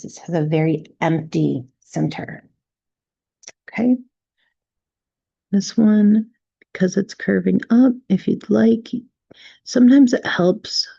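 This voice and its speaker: A woman teaching a step-by-step drawing tutorial, gently talking through each stroke and checking in with "right?" as she goes. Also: mid-range voice, creaky, breathy edge, no room sound, dull audio. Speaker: drawing instructor.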